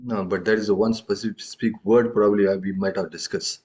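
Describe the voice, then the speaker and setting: Low-voiced tabla teacher. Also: male voice, steady tone, fast talker, a little mellow. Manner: checks in with questions, explains patiently. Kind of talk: live music lesson. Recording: dull lo-fi audio.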